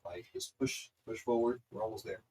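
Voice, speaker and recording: A man's voice: medium pitch, wildly swooping pitch, moderate pace, a little mellow, slight background noise, rough recording. A young man playing at a tabletop game, talking casually and swearing now and then. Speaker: player.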